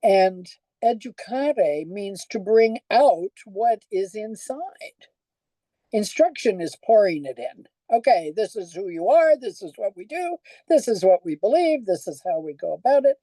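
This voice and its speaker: A woman's voice: mid-range voice, big pitch swings, a little slow, warm tone, no room sound, rough recording. An older woman pastor giving a conversational sermon, telling stories and asking the congregation questions.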